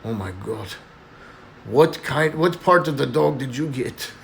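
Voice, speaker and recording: Brief: hesitant immigrant woman, played by a man, quiet and slow. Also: expressive, creaky, background noise. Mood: halting. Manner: slow, low, halting. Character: timid immigrant woman, middle-aged.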